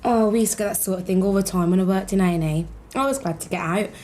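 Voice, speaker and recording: TV drama: actress as a breezy nurse, teasing, mid voice, faint noise. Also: female voice, medium pitch, fast, mellow, natural voice. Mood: chatty. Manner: chatty, teasing. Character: chatty, cheeky nurse treating a wound.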